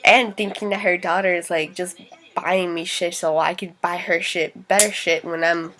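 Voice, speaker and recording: A woman's voice: lowish voice, steady tone, moderate pace, sharp tone. A young woman vlogging, venting frankly and indignantly about a hurtful situation, swearing freely. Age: young adult. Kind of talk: casual venting vlog.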